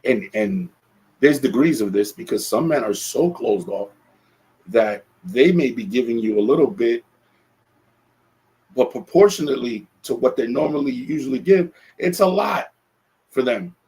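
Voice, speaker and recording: A man's voice: mid-range voice, expressive, moderate pace, darkish tone, low-quality recording. A man hosting a solo podcast, talking earnestly and reflectively, often restarting his phrases. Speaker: podcast host.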